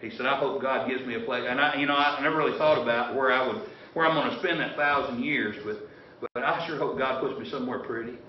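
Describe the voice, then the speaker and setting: In a church sanctuary, a male pastor preaches a folksy, rambling sermon with frequent restarts. His mid-range voice moves at a fast clip over slight background noise. The recording sounds roomy, distant, and dull.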